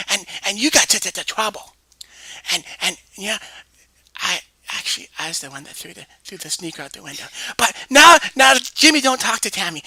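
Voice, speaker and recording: A woman's voice: medium pitch, pushed and bright, slightly rough, no room sound. A woman voicing a naive, chattering eight-year-old girl who rambles breathily through her story with stammered restarts, often half-whispering. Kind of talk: comedic one-woman voice sketch.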